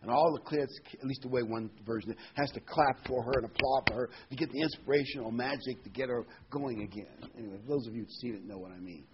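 A man's voice: medium pitch, fast, few pauses. Man, sermon, chatty and emphatic, dull lo-fi sound. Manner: conversational preaching with fillers and emphatic repetition. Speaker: preacher. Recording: dull lo-fi sound with faint noise.

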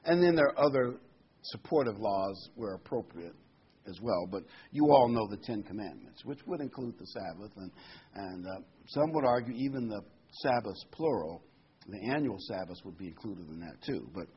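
A man's voice: on the low side, animated, normal speed, husky, highs cut off. A man preaching a sermon, reading Bible verses aloud and explaining them with folksy asides and a joke.

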